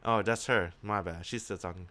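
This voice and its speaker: A man reading a visual novel aloud and reacting with excitable, sweary commentary, breaking into shouts. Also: low voice, normal speed. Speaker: video game reader. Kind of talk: casual let's-play commentary.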